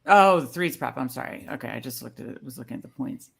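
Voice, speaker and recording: A woman's voice: rumbling low, expressive, fast talker, gravelly, slightly rough. A woman on a sports betting panel, easygoing and agreeable, reading out her picks with hesitant fillers. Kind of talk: casual sports betting chat.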